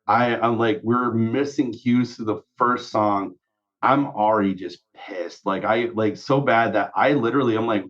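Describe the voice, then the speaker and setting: A man of medium pitch tells a band story on a podcast with lively energy, slipping into quoted voices and swearing as he goes. The sound is a little muffled and lo-fi. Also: normal speed. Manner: animated, swears, acts out quotes. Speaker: guest musician.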